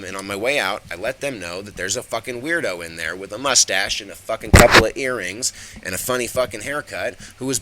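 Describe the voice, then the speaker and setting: A man's voice: low-pitched, sharp tone, slight background noise, low-quality recording. A man hosting his own livestream talk show, ranting in a profane, heated and emphatic way. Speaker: host.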